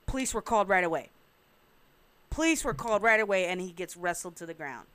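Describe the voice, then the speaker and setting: A woman's voice: mid-range voice, animated, fairly quick, fairly bright tone, no room sound. A woman in a casual group discussion, recounting events frankly and with swearing. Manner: frank storyteller, profane, recounting events at length.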